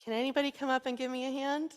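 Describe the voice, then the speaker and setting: Woman rabbi, playful storyteller, high voice, long reverb in a sanctuary. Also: racing. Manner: lively, playful, coaxing the children. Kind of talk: storytelling sermon to children. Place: synagogue sanctuary. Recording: long reverb in a large hall.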